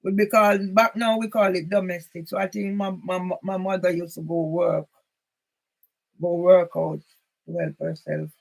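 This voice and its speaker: A woman's voice: on the low side, little pitch movement, moderate pace, creaky, a little mellow, rough recording. A woman from Jamaica with a Jamaican accent, talking in a rambling, emphatic personal monologue that drifts into patois. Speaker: channel host.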